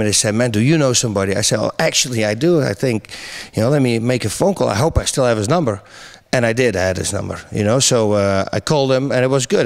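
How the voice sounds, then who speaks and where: Animated middle-aged man telling stories. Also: medium pitch. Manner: animated storyteller, laughs often, many restarts. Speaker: interview guest, MMA commentator. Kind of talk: casual interview chat.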